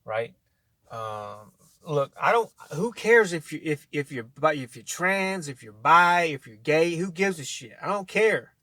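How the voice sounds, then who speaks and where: A man's voice: a little high, expressive, measured pace, bright, forceful tone, no echo. A man ranting casually to camera, blunt and profane, rambling with many restarts and talking straight at the listener. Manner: argumentative, addresses listener directly. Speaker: vlogger.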